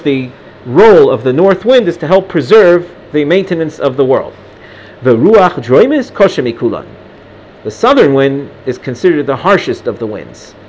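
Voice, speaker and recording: Talmud teacher, male, Ashkenazi Hebrew reading, fairly high voice, faint room hum behind. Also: darkish tone. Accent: Ashkenazi Hebrew pronunciation. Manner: reads Aramaic text then translates, with frequent restarts. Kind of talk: recorded Gemara lesson.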